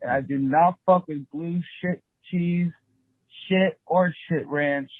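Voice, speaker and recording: A brash man leaving a profane voicemail for a podcast, his voice pitched a little high. It comes through a tinny, dry phone line. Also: fairly even intonation, slow, no room sound. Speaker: caller.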